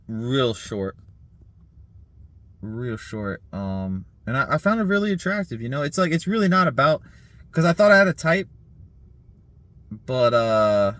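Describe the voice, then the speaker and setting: A man's voice: mid-range voice, fairly bright tone. Rambling, swearing man in his thirties. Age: 30s. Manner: rambling, laughing, swearing, frequent fillers. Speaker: vlogger. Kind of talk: casual vlog monologue.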